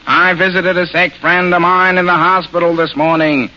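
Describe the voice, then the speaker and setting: A man impersonating a sour grouch in a flat, nasal, deadpan voice, on an old radio broadcast. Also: high voice, moderate pace. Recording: dull 1940s radio broadcast.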